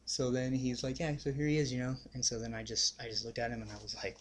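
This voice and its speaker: A man's voice: mid-range voice, little pitch movement, quick pace, fairly bright tone, a little hiss or hum. A young man casually telling a story on his vlog, rambling and swearing, with constant "like" and "you know". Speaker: vlogger.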